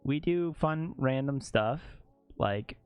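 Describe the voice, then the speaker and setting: Slow-talking joking male streamer. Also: mid-range voice, animated, darkish tone, clean tone, dry recording. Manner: jokey, laughs often. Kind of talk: casual livestream chat while photo editing.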